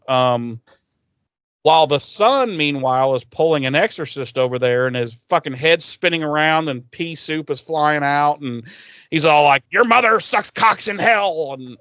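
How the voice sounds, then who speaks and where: A man's voice: medium pitch, a bit bright, clean tone, dry recording. Podcast co-host, male, dry close sound, swears freely and jokes through the recap. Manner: profane, jokey, laughs often. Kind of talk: casual recap chat.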